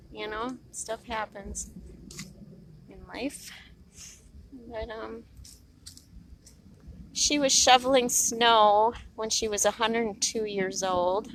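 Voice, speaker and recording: A woman chatting casually while out on a walk through a neighborhood, recording herself on her phone and rambling warmly about what she sees. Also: medium pitch, dry recording. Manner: chatty, rambling, easily delighted. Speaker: vlogger on a walk. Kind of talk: casual walking vlog. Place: outdoors in a neighborhood. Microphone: phone in hand.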